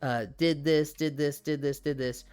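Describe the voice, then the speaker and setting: A man's voice: a little high, fairly even intonation, a little slow, darkish tone, smooth, soft background music. A man chatting candidly on a live stream, swearing freely and laughing often. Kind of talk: casual live-stream chat.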